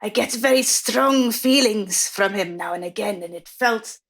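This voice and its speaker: A woman's voice: medium pitch, a little slow, slightly rough. A woman playing a tabletop game in character, hesitant and stammering. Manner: hesitant, stammering, mildly sheepish. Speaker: player.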